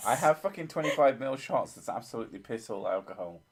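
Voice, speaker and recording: A man's voice: mid-range voice, expressive, quick pace. Joking, swearing male gaming host. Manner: joking, swearing freely, laughing often. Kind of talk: casual gaming chat.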